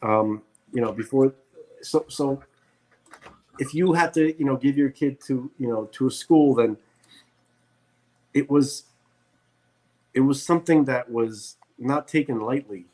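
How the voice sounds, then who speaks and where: A man's voice: medium pitch, unhurried, long pauses, a little mellow. Blunt ranting man. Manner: blunt, ranting, emphatic repetitions. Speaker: podcast co-host. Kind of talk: casual opinionated chat.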